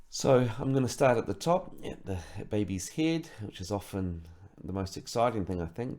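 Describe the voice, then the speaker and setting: A man from New Zealand giving a slow instructional lesson, carefully breaking words into syllables. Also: deep voice, a little mellow. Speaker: sonographer teaching Maori words.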